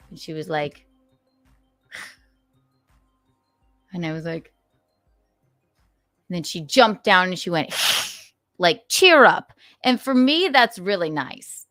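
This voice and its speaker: A woman's voice: low-pitched, a bit bright, no echo. A woman hosting a casual livestream, chatting and playfully reading out viewer donations. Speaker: livestream host.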